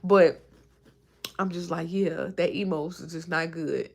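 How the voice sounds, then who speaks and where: In her thirties, this woman hosts a casual livestream, chatting and reacting to comments from viewers. Her voice sits fairly low and sounds creaky, and she takes her time, laughing often as she talks.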